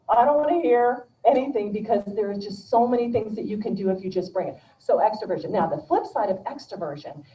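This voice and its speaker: A middle-aged woman giving a motivational speech as a guest speaker at a club meeting, telling stories in a lively, folksy, humorous way. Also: medium pitch. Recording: roomy, distant, dull-sounding room recording.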